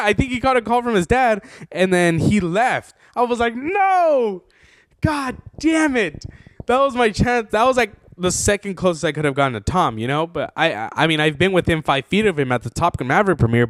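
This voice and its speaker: A young man hosting his own podcast, telling a story in a casual, excitable, rambling way full of fillers. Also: sits high. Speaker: podcast host.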